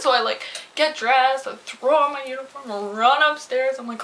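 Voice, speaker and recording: A young woman vlogger telling a story from her day in a chatty, animated way, acting out what people said. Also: on the high side, a little fast, low-quality recording. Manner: chatty, animated retelling with swearing and quoted voices. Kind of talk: casual storytelling vlog.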